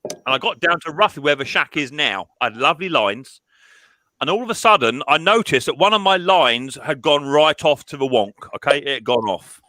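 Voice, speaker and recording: Bright-voiced man telling a story. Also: fairly high pitch, animated, moderate pace, dry recording. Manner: emotional, storytelling with many restarts. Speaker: mower repair channel host. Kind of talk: live stream group chat.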